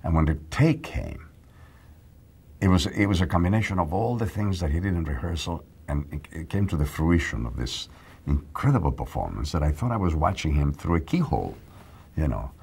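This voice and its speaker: An older man with a Mexican accent, an actor recalling his career in a reflective interview, speaking in a measured, admiring way. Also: extremely low pitch, animated, creaky, a little mellow, husky. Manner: measured, admiring storytelling with pauses.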